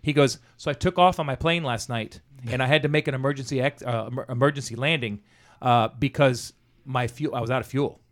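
Quick-talking guy, swears a lot, telling a work story to a buddy. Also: medium pitch. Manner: profane, animated anecdote-telling with quoted dialogue. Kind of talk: casual storytelling chat.

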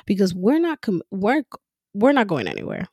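A woman speaking in a casual monologue as a mother, frank and animated, swearing freely and laughing often. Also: mid-range voice, moderate pace, slightly rough, no echo, studio quality. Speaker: mother talking about parenting.

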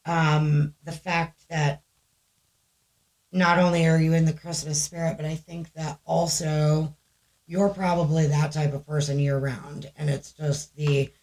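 A woman's voice: low voice, flat delivery, measured pace, a little mellow. A woman co-hosting a casual podcast, reading listener stories aloud, chatty and swearing freely. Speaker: podcast co-host.

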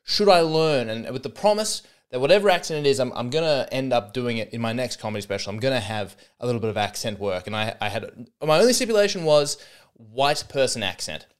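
A man's voice: medium pitch, expressive, fairly quick, clear, resonant tone. An Australian man hosting a comedy podcast, talking in a rambling, sarcastic, self-mocking monologue.

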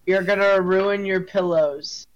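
A young woman co-hosting a podcast, halting and giggly, with many fillers. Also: mid-range voice, fairly even intonation. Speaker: podcast co-host. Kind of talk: casual chat. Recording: lo-fi mic with faint noise.

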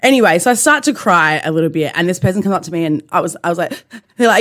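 A woman's voice: lowish voice, animated, fast talker. A woman, telling a long story in casual chat as a podcast co-host and laughing through it.

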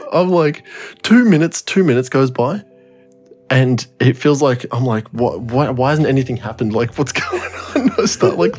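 A man's voice: medium pitch, a little mellow, slightly rough. Rambling, swearing young man. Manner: rambling, swears a lot, laughs through his story. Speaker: podcast co-host. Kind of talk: casual storytelling chat.

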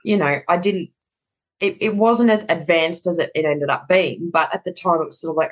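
A woman's voice: on the low side, normal speed, rough recording. A middle-aged woman telling a personal story in conversation, candid and casually swearing, acting out the dialogue.

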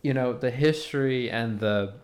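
A man's voice: medium pitch, moderate pace, a little mellow. A man co-hosting a podcast in laid-back, slangy casual chat. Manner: laid-back, slangy, says dude a lot. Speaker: podcast co-host.

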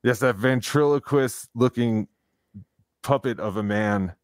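A man's voice: medium pitch, a little slow, dry recording, clean studio sound. A man co-hosting a podcast, chatting casually and rambling, with lots of fillers and restarts. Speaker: podcast co-host. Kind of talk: casual chat.

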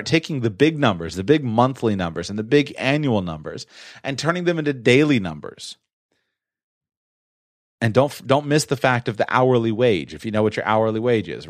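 A man's voice: no echo, studio quality. A man giving a conversational talk on personal finance, sometimes acting out his own surprised inner voice. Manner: conversational, acts out mock-shocked self-talk with rising pitch. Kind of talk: explanatory solo talk.

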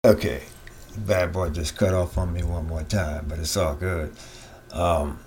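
A man's voice: sits low, fairly even intonation, a little slow, a little mellow, a little hiss or hum. Impassioned middle-aged man ranting. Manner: impassioned, ranting, repeats himself. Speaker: political commentator. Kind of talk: casual opinion monologue.

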